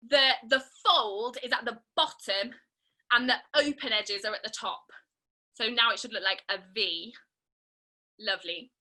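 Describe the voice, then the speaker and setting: A young woman guides children through an online craft session, her voice high and very bright. She talks slowly and warmly encourages every step, her pitch swinging up and down with playful energy. Faint music plays somewhere behind her on the call. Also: low-quality recording. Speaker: theatre maker leading a family workshop. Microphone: video call.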